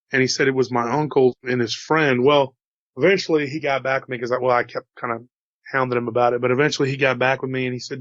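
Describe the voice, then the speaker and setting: A man with a faint Texas drawl tells a story in a loose, folksy way, turning aside to talk straight to his listeners. His voice sits at an ordinary pitch. The recording is dry and a bit muffled. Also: steady tone, fairly quick, a bit bright, no room sound. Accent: slight Texas drawl. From Texas, USA. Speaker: host telling encounter stories. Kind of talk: casual storytelling.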